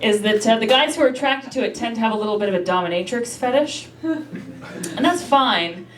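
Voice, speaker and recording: A brash woman tears through a self-mocking stand-up set and swears freely. Her voice sits a bit high. She is heard from a distance in an echoey room, with loud noise over it. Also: expressive, moderate pace. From Canada. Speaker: stand-up comedian.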